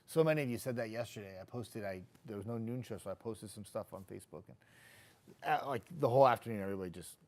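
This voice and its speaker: A man's voice: fairly low pitch, fast, darkish tone. Chatty weatherman reading comments. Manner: chatty, loose, jokey, with frequent restarts. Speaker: TV meteorologist hosting a live stream. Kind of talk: casual live-stream chat reading viewer comments.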